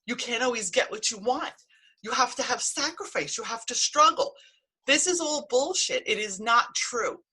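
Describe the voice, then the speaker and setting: Blunt, emphatic woman with a bright, husky voice. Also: on the high side, expressive, normal speed. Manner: blunt and emphatic, swears freely. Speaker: healing practitioner and coach. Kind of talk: motivational talk to camera.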